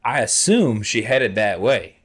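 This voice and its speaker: A man's voice: on the low side, very animated, measured pace, a bit bright, slightly rough, exaggerated voice. A man playing a laid-back, friendly cowboy with a put-on drawl who stumbles over his words and swears casually. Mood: easygoing.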